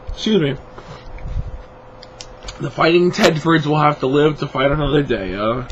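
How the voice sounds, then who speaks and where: A guy with a fairly high-pitched voice rambles through his picks as a sports vlogger, sleepy and yawning. His casual spoken predictions are full of ums and self-corrections, and the audio is noisy.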